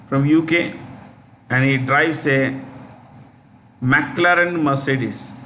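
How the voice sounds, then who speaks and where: A man with an Indian English accent teaching a current affairs lesson, saying key names twice, slowly, with many fillers. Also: mid-range voice, fairly bright tone. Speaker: exam coaching teacher. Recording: echoey room, faint background noise.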